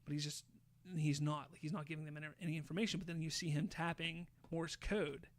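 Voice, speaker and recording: A man hosting a podcast, casually retelling a show's plot with lively, swear-laden storytelling. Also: on the high side, fast. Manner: animated storyteller, swears freely, acts out quotes. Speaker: podcast host.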